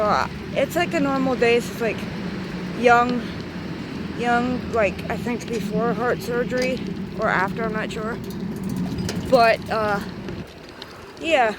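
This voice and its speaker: A woman in her thirties telling a rambling, excitable story for her vlog, swearing now and then. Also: on the high side, heavy background noise. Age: 30s. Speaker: vlogger.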